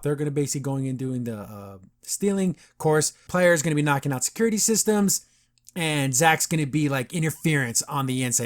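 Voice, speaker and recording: A young man hosting a podcast, recapping a cartoon episode in a chatty, enthusiastic way and acting out the characters' lines. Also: mid-range voice. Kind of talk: casual recap commentary.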